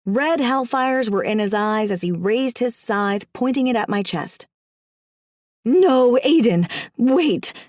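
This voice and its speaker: A woman narrating a first-person audiobook in a wry, comic, expressive way. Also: mid-range voice, measured pace, few pauses, no room sound, studio quality.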